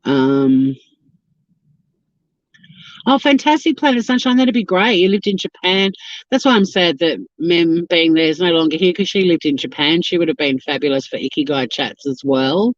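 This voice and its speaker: A woman's voice: fairly low pitch, expressive, moderate pace, dry recording, muffled recording. An Australian woman from Tasmania chatting casually and swearing freely while she drives and answers a live chat. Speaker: livestream host. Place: in a car, driving.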